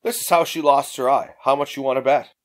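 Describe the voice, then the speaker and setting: A man's voice: mid-range voice, steady tone, a little fast, lightly acted. A man voicing a brash, swearing young woman adventurer in an audiobook. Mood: frustrated. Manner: blunt, swearing, impatient.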